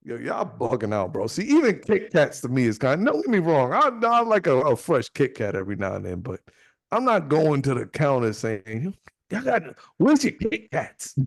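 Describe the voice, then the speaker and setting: Male co-host, loud and jokey, very lively delivery, dry studio mic. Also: medium pitch, normal speed, gravelly, no room sound. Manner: loud, excitable, joking, swears a lot. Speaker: podcast co-host. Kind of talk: casual banter.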